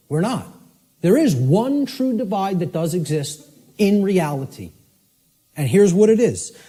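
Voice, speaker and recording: A man's high, slightly rough voice drives a forceful, emphatic lecture. Spelling words letter by letter, he repeatedly checks in with "okay?"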